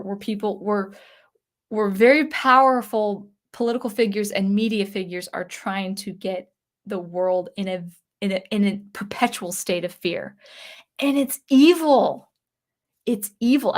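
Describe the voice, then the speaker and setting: A woman's voice: mid-range voice, fairly bright tone. A woman hosting a casual livestream, talking in a rambling, earnest way, repeating words as she goes and sounding indignant at times. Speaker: channel host. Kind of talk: casual livestream chat reading viewer comments.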